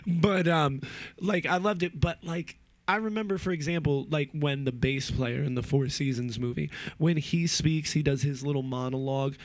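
A man in his thirties from New Jersey goes on a casual, rambling rant. He packs it with fillers and swears freely. His voice sits a little high and sounds dry and close. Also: steady tone, normal speed, no echo. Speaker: movie reviewer.

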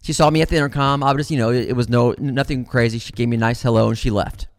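A middle-aged man telling a story in a casual, animated way, swearing freely and calling his listeners guys. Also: medium pitch, very fast.

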